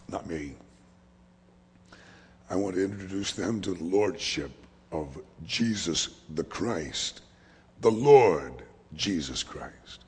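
A man preaching a sermon as pastor, swinging from hushed whispers to loud, emphatic lines. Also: low-pitched, expressive, takes it slowly, long pauses, slightly rough. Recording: long hall reverb.

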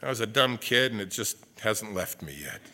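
A man preaching a sermon in church, animated, with conversational asides and acted-out quotes. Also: on the low side, moderate pace. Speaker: pastor.

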